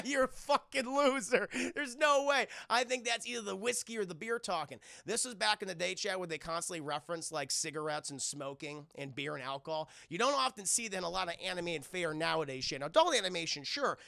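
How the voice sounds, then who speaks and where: A man's voice: high voice, creaky, sharp tone, dry recording, clean studio sound. A man casually retelling a film scene by scene to his live chat, swearing freely and addressing the chat constantly. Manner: profane, keeps addressing chat. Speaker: streamer, film reviewer.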